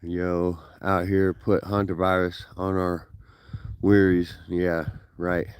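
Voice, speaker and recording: A man's voice: sits low, little pitch movement, slow pace, clear, resonant tone, dry recording. A man live-streaming an outdoor hike, chatting folksily with his viewers while out of breath, recorded on a phone outdoors. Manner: folksy, keeps calling out to viewers. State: out of breath from hiking. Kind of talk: casual live-stream chat. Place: outdoors in high mountain country.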